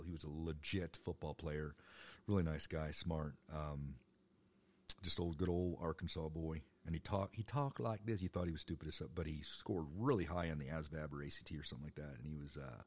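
A man's voice: extremely low pitch, steady tone, fast, a little mellow, breathy edge. A man in his fifties telling stories from his youth in a rambling, joking way, with the odd swear. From United States. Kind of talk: personal storytelling monologue.

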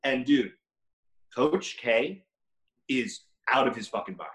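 A young man co-hosts a podcast in an echoey room, arguing bluntly and swearing freely in casual chat. His voice is medium-pitched, expressive and a bit bright, and he speaks at a slow pace.

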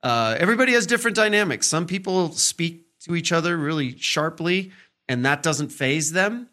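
A man hosting a podcast, giving a casual teaching talk on respect, with lots of fillers and "right?" check-ins and quick acted-out examples of tone. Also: fairly high pitch, lively intonation, pushed and bright. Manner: acts out tones in short quoted examples. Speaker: podcast host.

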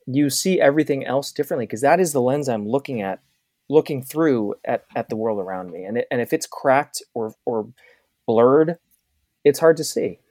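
A man in casual conversation, thoughtful and searching for words, often restarting his sentences. His voice sits at a middle pitch and is recorded dry, with no room sound. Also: animated, a little mellow, no echo. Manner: reflective, halting with many restarts. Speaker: podcast guest, author.

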